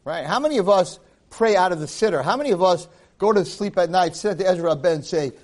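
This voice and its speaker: Male rabbi, animated lecturer, raised pitch that rises and falls widely, acts out quotes as he teaches. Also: fast. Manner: mixes Hebrew phrases into English. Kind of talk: Torah class, lively storytelling.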